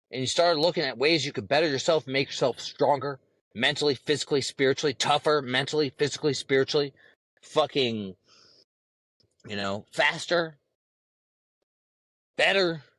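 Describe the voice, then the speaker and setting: A man's voice: fairly high pitch, a bit bright, no room sound. Fired-up swearing man ranting. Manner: heated, swearing, lecturing. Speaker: podcast host. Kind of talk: profane ranting monologue.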